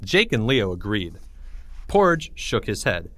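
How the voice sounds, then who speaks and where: A man reading a children's story aloud in a playful, expressive way. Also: lowish voice, slow pace, no echo, studio quality. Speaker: narrator.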